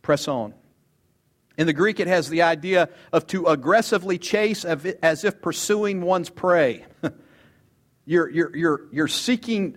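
A man's voice: high voice, animated, moderate pace. A man preaching an expository sermon with emphatic delivery, repeating words and rising sharply on quoted lines. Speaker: pastor.

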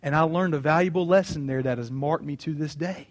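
A man's voice: on the high side, brisk, few pauses. A man in his thirties preaching a sermon, earnest and personal, repeating key phrases for emphasis. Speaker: pastor.

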